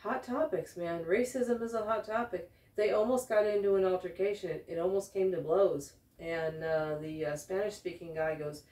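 Low-voiced woman vlogger, halting personal storytelling, sits back from the mic in a roomy space. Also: warm tone, far from the mic. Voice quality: halting, many fillers and restarts. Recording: echoey room, voice off-mic.

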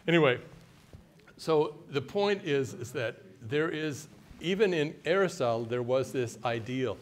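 A man's voice: mid-range voice, slight background noise. Older man leading a conference workshop. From United States. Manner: conversational, quizzes audience with questions; mimics a haughty deliberate voice at times. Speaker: workshop speaker.

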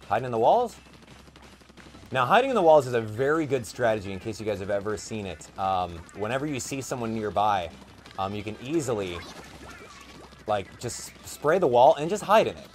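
A young man giving casual gameplay commentary, chatty and excitable, thinking aloud with plenty of fillers. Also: on the low side, normal speed, pauses often, slight background noise. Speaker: gaming YouTuber.

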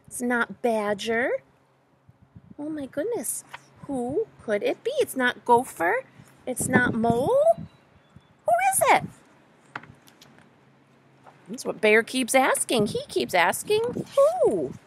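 A woman teacher reading a picture book aloud to young children, animated and full of questions, addressing them directly. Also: sits high, slow, noisy background. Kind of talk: children's story time read-aloud.

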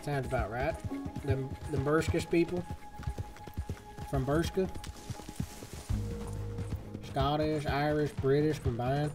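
A chatty male streamer talks through his game live in a slightly raised voice. He muses aloud and softens his swearing. Clear game music plays behind him. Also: fairly high pitch, fairly even intonation, takes it slowly, pauses often. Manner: chatty, swaps swears for "fudge". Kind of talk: live gameplay commentary.

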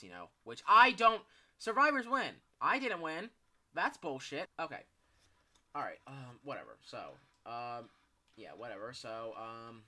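In live gameplay commentary, a gaming YouTuber with a bright, pushed, medium-pitched voice panics, yelps and swears at the game. Afterward he rambles on with many fillers and false starts.

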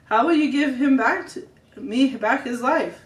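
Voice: sits high, a little slow. Defiant grieving young guy, read out by a family member, roomy room, mic far off.

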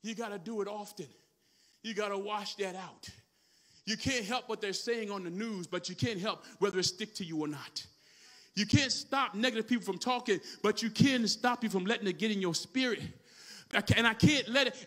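High, bright-voiced preaching man. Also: moderate pace. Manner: preaching that builds to shouts, calls to the congregation. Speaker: pastor. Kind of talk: sermon. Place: church sanctuary.

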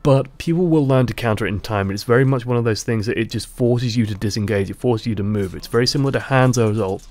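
Man calmly explaining game strategy. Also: mid-range voice. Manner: measured, explanatory. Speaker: gaming YouTuber. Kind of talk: game commentary vlog.

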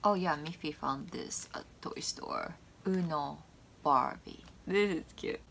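A bubbly woman vlogger talks her viewers through a shopping haul in easy casual chat. Her tone is bright and crisp, and she takes her time, drawing words out slowly. A faint hiss sits under her voice. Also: low-pitched.

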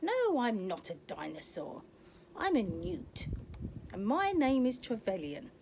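A woman's voice: a little high, huge pitch swings, unhurried, darkish tone, a little hiss or hum, full character voice. A woman voicing a proud, friendly little male newt in a children's storybook. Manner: proud, cheerful.

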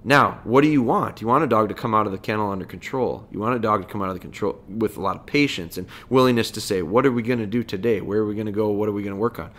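A man's voice: fairly low pitch, very fast, hardly any pauses, fairly bright tone. A man hosting a podcast, giving casual dog training advice in a folksy way, full of rhetorical questions.

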